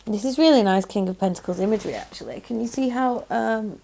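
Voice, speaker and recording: Slight background noise accompanies this tarot reader, a woman whose mid-range voice is gravelly and mellow and whose pace is quick. Speaking with a Yorkshire accent, she runs a pick-a-card reading in a chatty, gushing style, full of "um"s, delighted exclamations and repeated "lovely."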